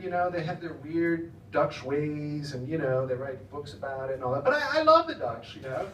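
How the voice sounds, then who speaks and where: An American man doing a stand-up set in a high, lively voice, rambling and chatty and chuckling at his own jokes. He is heard from some way off in an echoey club room with a faint hiss behind him. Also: fairly quick, hardly any pauses, recorded from a distance. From United States. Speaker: stand-up comedian. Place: comedy club stage in the Netherlands.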